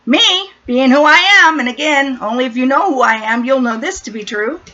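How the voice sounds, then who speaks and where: A woman's voice: high-pitched, expressive, normal speed, bright, forceful tone. A middle-aged woman from San Diego telling a story in casual, blunt, profane chat. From San Diego, USA. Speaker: vlogger. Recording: dull lo-fi recording.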